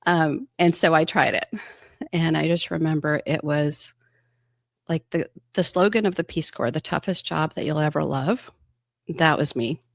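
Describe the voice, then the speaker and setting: A woman in her fifties talks as an interview guest with a low, gravelly voice. She tells her stories animatedly, acting out the quoted dialogue and laughing often. The sound is dry, with no room echo. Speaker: emergency room physician guest. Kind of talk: casual storytelling interview.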